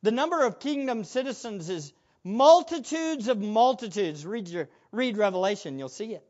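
A man's voice: high voice, expressive, normal speed, a little mellow. Male pastor, sermon delivery, earnest with rhetorical questions, dull lo-fi audio.

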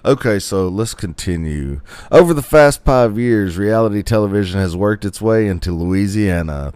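A man's voice: deep voice, darkish tone, clear, resonant tone, no echo. A man with a Southern American accent, reading an article aloud and chatting with profane, joking asides in a casual podcast. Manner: jokey, profane, laughs often, comments between read lines.

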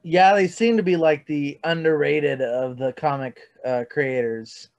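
A man's voice: on the high side, steady tone, measured pace, a little mellow. A man hosting a casual podcast chat, rambling loosely with many fillers. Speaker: podcast host. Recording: dull lo-fi sound.

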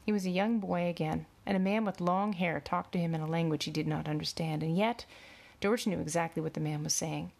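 A woman narrating a novel aloud in a measured, expressive reading. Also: fairly low pitch, creaky. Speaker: audiobook narrator. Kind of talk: storybook narration.

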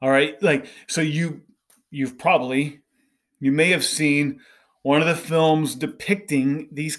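A man's voice: on the high side, a bit bright. A middle-aged man hosting a podcast, speaking earnestly to fundraisers in a preachy monologue that keeps checking in with "right?". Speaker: podcast host.

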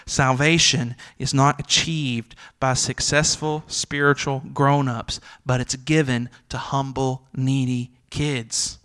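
A man in his thirties, a pastor mid-sermon, moves between tender, quiet reflection and urgent calls to his listeners. His delivery is conversational, with everyday asides and fillers, and his voice sits in an ordinary middle pitch. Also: little pitch movement, measured pace, clean tone. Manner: earnest, tender, rising to urgent pleading. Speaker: senior pastor.

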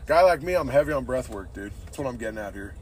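A podcast-hosting man speaks quickly and expressively at a medium pitch, with a faint hiss or hum in the recording. Laid-back and profane, he wanders from point to point and calls everyone "dude" nonstop.

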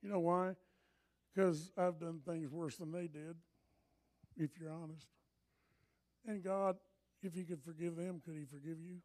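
A man preaching a sermon in an animated, impassioned way, often breaking into shouts. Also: on the high side, unhurried, long pauses.

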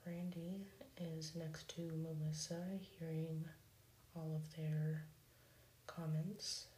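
A woman softly whispering an ASMR retelling of a cartoon episode, slow and even. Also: sits low, echoey room, slight background noise, rough recording. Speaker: ASMR storyteller.

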